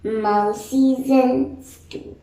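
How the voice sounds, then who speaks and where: Woman reading children's picture book, high voice, very slow, echoey room. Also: steady tone, mellow. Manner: slow, deliberate read-aloud delivery. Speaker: storybook reader.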